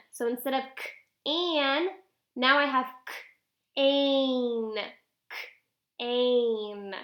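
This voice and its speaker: A woman teaching a phonics lesson to young children on video, sounding out letters slowly and asking coaxing questions. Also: high voice, sharp tone. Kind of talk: early-grade phonics lesson to camera.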